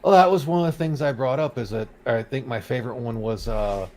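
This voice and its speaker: A man's voice: medium pitch, fairly quick, a little mellow, low-quality recording. A man hosting a casual podcast chat, ranting and reading out quotes with a sarcastic edge. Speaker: podcast host.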